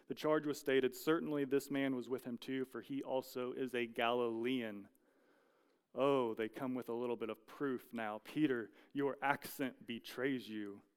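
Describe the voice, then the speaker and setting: A man preaching a sermon, telling a story with earnest, measured delivery and dramatic pauses. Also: fairly high pitch, smooth. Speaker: pastor.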